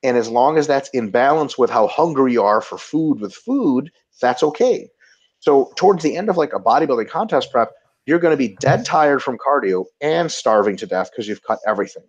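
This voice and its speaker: Man, webinar co-host, casual explaining, animated pitch, muffled low-fi sound. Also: fairly quick. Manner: loose and conversational, many fillers and restarts. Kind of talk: casual webinar chat, explaining diet and training.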